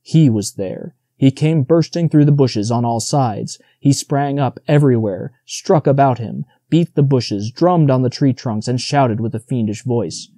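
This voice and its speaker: Male audiobook narrator, very dark mellow tone, dry close sound, measured storybook reading. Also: mid-range voice, no room sound.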